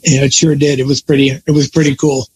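A man's voice: mid-range voice, flat delivery, fast, slightly rough, poor audio. An older man telling long stories from his working life in a casual conversation, often stopping to correct himself. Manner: rambling storyteller, self-correcting. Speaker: guest.

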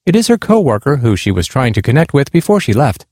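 A man's voice: medium pitch, very animated, fast, darkish tone, no echo, studio quality. Earnest man reading a true account. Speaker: narrator. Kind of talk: reading a nonfiction account aloud.

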